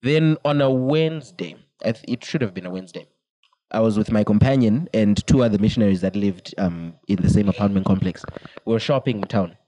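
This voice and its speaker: A man's voice: lowish voice, a little fast, warm tone, highs cut off. A young man, a podcast co-host, telling a long personal story in casual chat, laughing often and quoting people in put-on voices.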